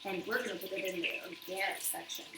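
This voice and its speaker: A woman's voice: medium pitch, quick pace. A woman hosting a live cooking stream from her home kitchen, rambling casually to viewers as she cooks. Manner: chatty, rambling, talks to viewers while cooking. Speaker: live cooking show host. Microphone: phone set back from her. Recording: roomy echo, distant mic, clear background noise.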